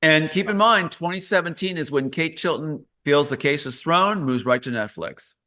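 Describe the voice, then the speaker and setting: A man's voice: a little high, expressive, normal speed, sharp tone. A man as a live interview guest, talking earnestly and emphatically, repeating key phrases.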